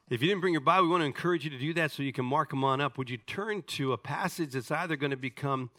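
A man preaching a sermon to his church, pressing the congregation with questions and dropping to a hushed voice to pray. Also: fast talker, hardly any pauses, no echo, studio quality. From United States. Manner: preaching with rising intensity and direct questions to the congregation; drops to a quiet, low voice in prayer. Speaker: pastor. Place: church sanctuary.

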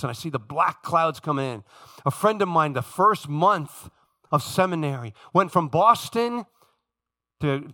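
A man preaching a sermon as pastor, dramatic, swinging from booming lines to hushed asides.

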